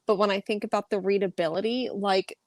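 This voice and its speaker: A young woman guest talks things through in an earnest, thoughtful way, stopping often with "um." Her voice is at a middle pitch. The sound is dry and close, with no room around it. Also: steady tone, fairly quick, no room sound. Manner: thoughtful, earnest, frequent ums. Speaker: guest YouTuber. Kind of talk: casual chat.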